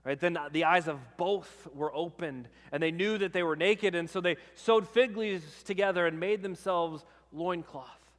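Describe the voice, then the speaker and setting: A man's voice: sits high, a little slow, few pauses, a bit bright, big-room sound. A man, a pastor, preaching a sermon in a conversational way, often checking in with the congregation.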